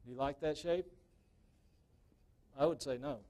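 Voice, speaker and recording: A man leads a hands-on woodturning demonstration at a club meeting. His voice sits a little high, and he talks in a loose, folksy way. He checks in with the room by asking "okay?" again and again. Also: unhurried, a little mellow. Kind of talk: live workshop demonstration to a club.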